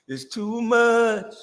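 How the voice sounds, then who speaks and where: A man's voice: very high voice, a bit bright, long reverb tail. A man hosting a livestream, ranting boastfully and profanely and laughing often. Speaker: livestream host. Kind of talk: comedic livestream rant.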